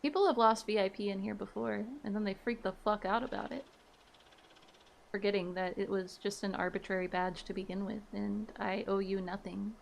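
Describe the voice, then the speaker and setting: A woman's voice: mid-range voice, steady tone, moderate pace, vocal fry, a little hiss or hum. A woman in her thirties casually chatting with viewers on a live stream, laughing easily and reading their messages aloud. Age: 30s.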